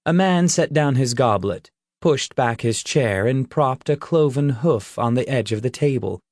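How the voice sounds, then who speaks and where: A man narrating a fantasy audiobook at a slow, deliberate pace. His voice sits in an ordinary middle range, recorded close and dry with no room echo. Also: medium pitch, animated, darkish tone. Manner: slow, measured storytelling. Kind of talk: scripted narration.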